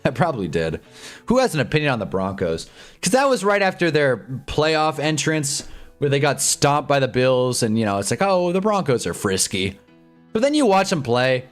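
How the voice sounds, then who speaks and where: A man hosts a live football stream, rambling through casual commentary, reading chat and getting loud and excited over big plays. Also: mid-range voice, normal speed, faint music behind.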